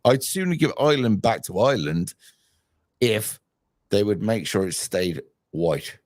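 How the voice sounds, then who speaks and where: A man hosting a live call-in stream, talking in a teasing, animated way and cutting in on callers. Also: fairly low pitch, a little slow, dry recording, clean studio sound. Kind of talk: casual call-in chat.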